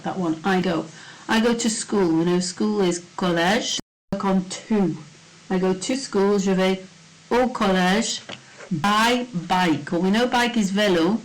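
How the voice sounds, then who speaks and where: A woman's voice: medium pitch, poor audio. A woman French teacher, going over test answers in a recorded lesson and breaking each sentence into small steps. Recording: faint hiss.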